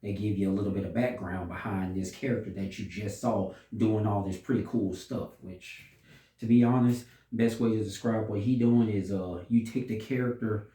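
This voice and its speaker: A man giving a casual, unhurried movie review, pausing and restarting often as he thinks. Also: lowish voice, dark tone. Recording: roomy echo, distant from mic.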